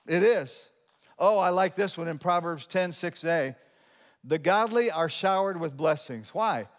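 Animated preacher with a bright, high voice. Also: male voice, measured pace. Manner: animated preaching, swinging from loud emphatic lines to quiet asides; humorous asides to the congregation. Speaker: pastor. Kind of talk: sermon. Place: church sanctuary. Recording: long hall reverb of a church sanctuary.

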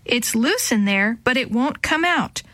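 A brave, curious young girl, voiced by a woman reading a storybook, speaks in a high, eager voice. The sound is dry and close-miked. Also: lively intonation, a little slow, fairly bright tone, no echo.

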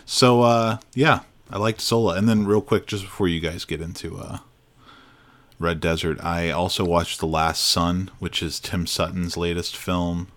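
Man, very deep voice, casual film review chat, opinionated, easy laughter. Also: fairly even intonation, unhurried. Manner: opinionated, chatty, laughs easily. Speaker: film podcast co-host.

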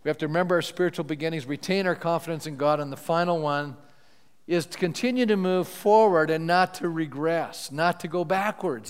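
A male pastor preaching a sermon, asking his congregation questions and retelling scripture in lively paraphrase. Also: a little high, a little fast, smooth. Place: church sanctuary. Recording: church hall with long reverb.

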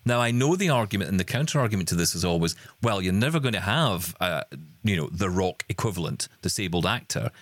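Man, low voice, very lively pitch, rambling podcast host, dry close mic. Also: fast talker, no echo. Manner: rambling, self-interrupting, laughs often. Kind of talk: casual panel chat.

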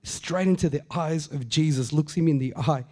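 A man's voice: on the high side, moderate pace, dark tone. A middle-aged man preaching a conversational sermon, repeating phrases for emphasis and acting out the quotes he tells. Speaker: pastor.

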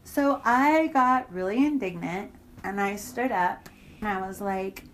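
A woman's voice: mid-range voice, unhurried, a little hiss or hum, rough recording. A woman in an interview, bluntly recounting a personal story with heavy profanity and indignant emphasis.

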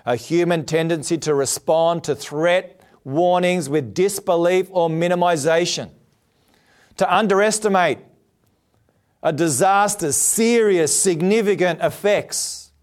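A man's voice: high-pitched, measured pace. A male preacher giving a televised sermon, earnest and emphatic, asking rhetorical questions. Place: TV studio.

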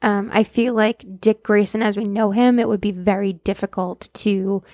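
A woman's voice: medium pitch, fairly even intonation, moderate pace, a little mellow, no room sound, clean studio sound. A woman guest on a casual podcast, speaking thoughtfully with many ums and likes.

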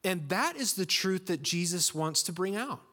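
A man's voice: high voice, expressive, normal speed, sharp tone. A man preaching a sermon in a conversational, storytelling way, acting out quotes in his stories. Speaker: pastor.

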